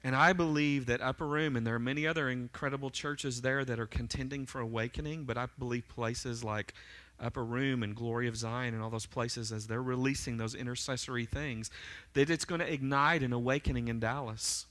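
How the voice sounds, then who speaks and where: A man preaching a fervent sermon in a church sanctuary. His voice is bright and forceful, pitched in a normal middle range. He keeps turning to the congregation with quick "right?" and "amen?" check-ins. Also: fairly even intonation. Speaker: pastor.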